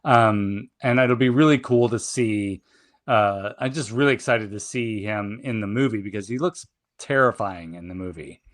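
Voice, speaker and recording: A man co-hosting a podcast in casual chat, excitable, laughing often and repeating words. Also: fairly low pitch, normal speed. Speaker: podcast co-host.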